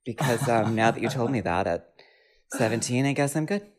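Casting: playful man, mid-pitched, easygoing banter. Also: lively intonation, fairly quick, a crowd in the background. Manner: playful, joking, doing mock accents. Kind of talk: casual chat.

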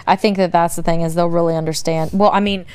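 A woman's voice: lowish voice, steady tone, quick pace, a little mellow, smooth. Woman with dry, teasing quips. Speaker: podcast co-host. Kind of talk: casual chat.

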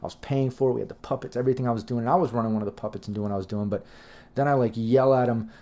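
A middle-aged man hosts a livestream, answering chat questions with loose, profane, rambling stories packed with fillers. His medium-pitched voice is mellow and fairly even in intonation, yet his delivery is rapid-fire.

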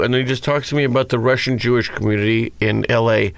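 A man's voice: medium pitch, fairly even intonation, fast talker, creaky, dry recording. A man on a podcast, telling long rambling anecdotes in casual banter.

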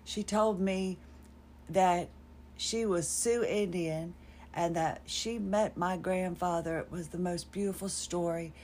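A woman's voice: fairly low pitch, fairly even intonation, slow, a little mellow, slight background noise. A woman, telling a rambling personal story on her podcast in a wry, self-deprecating way. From North Carolina, USA. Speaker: podcast host.

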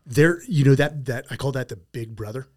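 A man's voice: mid-range voice, a little fast, darkish tone. A middle-aged man hosting an interview in casual chat, telling stories and acting out quotes, with an easygoing mouth that swears now and then. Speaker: podcast host.

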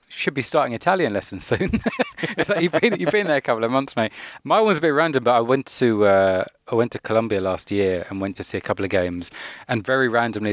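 A man chats about sport in a thoughtful, measured manner. His voice sits a little low, and the recording is dry and close. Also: no room sound. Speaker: podcast pundit. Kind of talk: casual sports chat.

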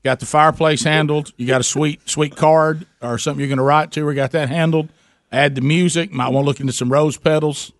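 A man's voice: on the high side, steady tone, a little fast, dry recording, clean studio sound. A man hosting a casual radio call-in show, folksy and given to stammering restarts and easy laughter.

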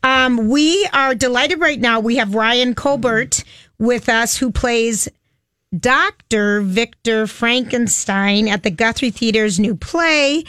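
A woman radio host with a Minnesota accent welcomes listeners back and jokes with her guest. Her voice is a little high and her manner is upbeat. The mic is close and dry. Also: slow pace, fairly bright tone, smooth, dry recording. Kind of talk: casual radio talk show.

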